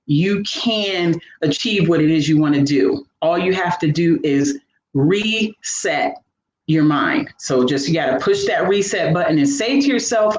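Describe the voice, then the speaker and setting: A woman, a fitness coach and veteran, telling her personal story in a lively, motivational way during a live interview. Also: on the low side, a little slow. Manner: animated, motivational, acts out her own inner voice. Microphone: live video call. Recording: echoey room with faint background noise.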